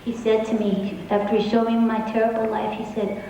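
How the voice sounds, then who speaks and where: A woman singer talking to her audience between songs, in a halting, heartfelt way with many restarts. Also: a little high, flat delivery, vocal fry, mellow, lo-fi sound, slight background noise. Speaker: singer on stage. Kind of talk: stage talk between songs. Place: concert hall. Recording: echoey hall from far off.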